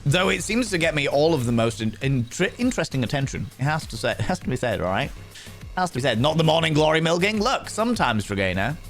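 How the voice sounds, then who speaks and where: A man's voice: a little high, sing-song, fast, soft background music. A man streaming and chatting casually with viewers, bubbly and swearing, repeating catchphrases.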